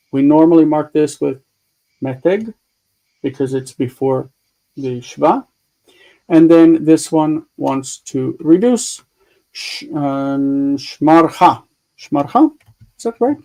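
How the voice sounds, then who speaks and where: A man's voice: on the high side, slow pace, mellow, poor audio. A man teaching a live online grammar lesson over a video call, explaining step by step and thinking aloud as he works his screen. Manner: chatty, thinks aloud while fiddling with screen tools; patient step-by-step explaining with repeated examples.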